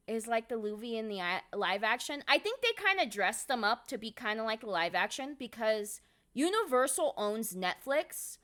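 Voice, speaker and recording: A woman streamer tells a casual, sweary story while clicking through files. She drops into quiet mutters, then jumps back up with a bright, lively voice that swings high and low. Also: normal speed. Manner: excitable, swears a lot, mutters to herself. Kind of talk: casual vlog chat while sorting photos.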